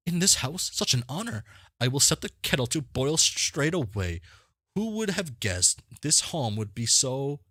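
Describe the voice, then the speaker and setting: A man's voice: mid-range voice, big pitch swings, measured pace, bright, forceful tone, dry recording, voice pushed up, heavily acted. A man voicing a prim, gushing teenage girl playing hostess, overly polite and fluttery.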